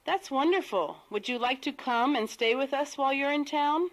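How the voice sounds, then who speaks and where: A woman's voice: high voice, animated, normal speed, rough recording. A woman voicing a welcoming hostess. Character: welcoming hostess inviting a friend. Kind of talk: textbook audio dialogue.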